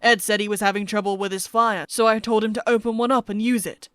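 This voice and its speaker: A woman's voice: medium pitch, level tone, quick pace, fairly bright tone, clean tone, no room sound, clean studio sound, natural voice. A woman doing a vague, forgetful older man. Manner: vague, rambling.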